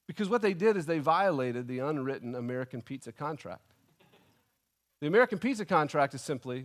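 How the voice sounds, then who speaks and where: A man preaching a sermon, telling a comic personal story with animated, indignant storytelling. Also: a little high, fairly quick. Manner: animated storytelling, acting out his own indignation. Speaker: pastor.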